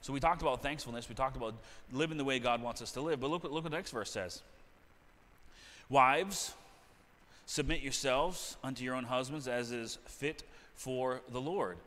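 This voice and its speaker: A man's voice: mid-range voice, moderate pace, fairly bright tone, long reverb tail. A middle-aged man preaching a sermon as pastor, talking in a conversational way that repeats and restarts phrases. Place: church sanctuary.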